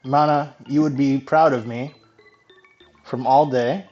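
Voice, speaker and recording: A man's voice: mid-range voice, fairly even intonation, takes it slowly, darkish tone. A man streaming a video game live, chatting casually with viewers, swearing now and then and laughing easily. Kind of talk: casual live gameplay chat. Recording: dull lo-fi mic with faint music.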